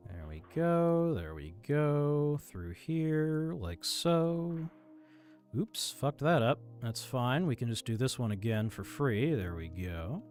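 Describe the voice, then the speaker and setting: Male streamer, mid-pitched, animated delivery, mutters and swears at a puzzle. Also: slow pace. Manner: mutters self-calming mantras, swears in frustration. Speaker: game streamer. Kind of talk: live game commentary. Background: faint game music.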